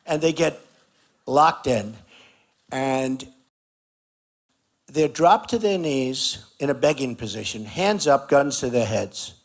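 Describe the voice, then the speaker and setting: A man's voice: mid-range voice, slow, pauses often. A man giving a campaign rally speech at an outdoor barbecue, talking emphatically and repeating his points. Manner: repetitive, emphatic, conversational riffing. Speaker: political candidate speaking at a rally.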